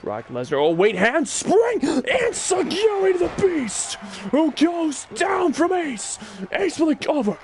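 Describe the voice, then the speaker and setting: Very high-pitched excitable man commentating. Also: slow, crowd noise. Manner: excitable, frequent shouted exclamations. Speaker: gaming channel host. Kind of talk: play-by-play wrestling game commentary.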